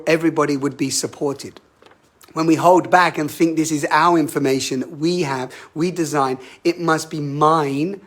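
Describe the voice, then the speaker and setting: A man giving a live-streamed spiritual talk as a workshop facilitator, earnest and self-reflective, often putting questions to his listeners. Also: on the high side. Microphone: webcam or phone mic on a live stream.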